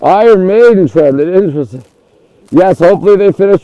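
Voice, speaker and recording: A man's voice: sits high, animated, brisk, dark tone, no echo, rough recording. A man hosting a live phone stream, touring the city view and greeting viewers by name as he reads their comments. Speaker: livestream host.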